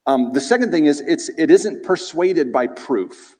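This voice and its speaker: A male preacher giving an expository sermon in a conversational, animated way, asking the listeners rhetorical questions. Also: on the high side, unhurried. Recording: reverberant hall.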